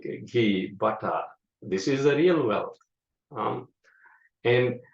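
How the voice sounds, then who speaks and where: A man teaching a scripture class, explaining slowly with many fillers. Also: medium pitch, creaky. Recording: echoey room, dull lo-fi sound.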